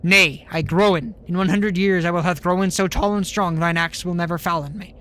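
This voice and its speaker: A man's voice: sits high, steady tone, a little fast, a bit bright, slight background noise. A man voicing a sly male talking tree in a video game, speaking in mock-archaic old English. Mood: defiant.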